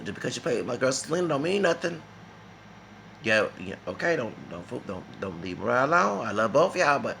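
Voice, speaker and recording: A man's voice: mid-range voice, creaky, a bit bright, a little hiss or hum. A man from Texas, talking in a rambling, emphatic casual monologue that repeats itself and slips into Spanish phrases. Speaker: vlogger.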